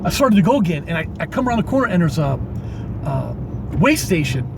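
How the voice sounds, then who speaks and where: A man's voice: on the high side, sing-song, a little fast, vocal fry. A man telling rambling stories on a live stream from his truck, laughing often and dropping "man" and mild swears. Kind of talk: casual storytelling on a live stream. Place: inside a moving truck cab. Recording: road and engine noise behind.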